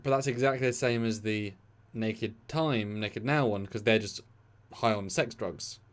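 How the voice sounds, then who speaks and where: A man's voice: on the low side, unhurried. A man co-hosting a casual live stream, rambling and restarting his sentences. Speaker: podcast co-host.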